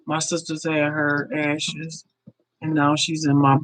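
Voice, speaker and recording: A woman's voice: low-pitched, little pitch movement, slow, low-quality recording. A woman in her fifties hosting a casual livestream, speaking heartfelt and direct to her viewers, often repeating herself. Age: 50s. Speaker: livestream host. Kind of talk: casual live-stream chat with viewers.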